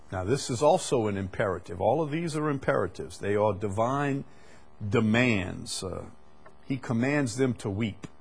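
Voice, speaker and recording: A man teaching the Bible in a conversational way, deliberate, often repeating words with frequent fillers. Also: on the low side, a little mellow, a little hiss or hum.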